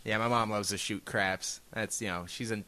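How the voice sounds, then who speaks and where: A man's voice: on the low side, fairly even intonation, moderate pace, bright, forceful tone, smooth. A young adult man co-hosting a podcast, chatting casually with crude jokes and lots of filler words. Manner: crude joking, frequent "like" fillers. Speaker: podcast co-host. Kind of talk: casual banter.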